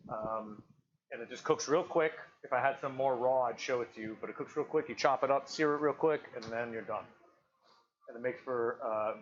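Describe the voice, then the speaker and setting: A man hosting a live cooking stream from his home kitchen, talking casually to viewers while he cooks. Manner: relaxed, chatty, coaxing his dog in a higher sing-song voice. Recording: slightly dull lo-fi stream audio with faint noise.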